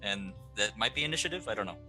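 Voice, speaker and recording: A man's voice: lowish voice, animated, quick pace, sharp tone, faint music behind. A man playing a tabletop game, asking about the rules hesitantly with many fillers. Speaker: player. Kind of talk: casual tabletop play.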